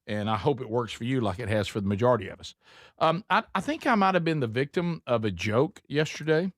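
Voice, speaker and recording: A man hosts a talk show from a studio mic, with a dry, close sound and an ordinary middle pitch. He reads sponsor copy and tells stories casually, often restarting and repeating his words. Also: expressive, fairly quick, fairly bright tone, no echo. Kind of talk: casual chat and live ad read.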